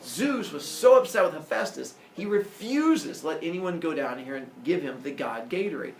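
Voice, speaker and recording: A man teaching a class, telling myths in a jokey, animated way. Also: a little high, moderate pace, a little hiss or hum. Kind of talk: classroom lecture, storytelling. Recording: roomy echo, distant mic.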